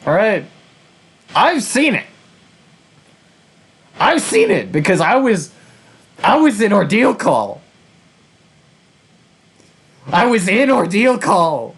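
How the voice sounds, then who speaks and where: A man hosting a casual game playthrough, rambling and swearing in open frustration. His voice is husky and breathy, and his pitch swings widely as he talks. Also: sing-song, takes it slowly, pauses often, fairly bright tone. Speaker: gaming channel host. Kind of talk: casual let's-play commentary.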